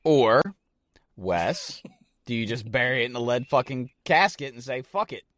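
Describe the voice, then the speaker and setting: A man's voice: mid-range voice, moderate pace, no room sound. A man co-hosting a podcast in casual chat, rambling and swearing as he tells stories. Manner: rambling, profane, excitable. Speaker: podcast co-host.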